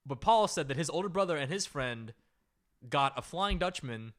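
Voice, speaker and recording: Man, comedy podcast host, casual storytelling, lively swinging pitch, somewhat high voice. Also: normal speed. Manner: animated, loose, full of "like" and "right?".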